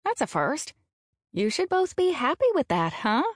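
A woman's voice: high-pitched, sing-song, normal speed, no echo, studio quality, pitched above the performer's own voice. A woman voicing a defiant, sarcastic seventeen-year-old girl performer in audiobook dialogue. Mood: snappy. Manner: snappy and sarcastic.

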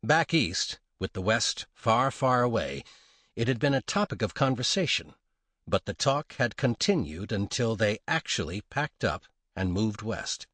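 A man reads a western novel aloud in an expressive, dramatic style. His voice is husky with lively, wide-ranging intonation. It is recorded close in a dry, dead space. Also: fairly low pitch, measured pace, no room sound. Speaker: audiobook narrator. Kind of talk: scripted narration of a western novel.

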